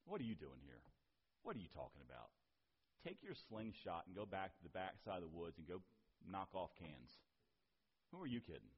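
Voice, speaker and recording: A preacher putting on a deep scoffing mocker. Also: male voice, huge pitch swings, brisk. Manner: scoffing, dismissive. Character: scornful grown man mocking a young upstart. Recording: dull lo-fi recording.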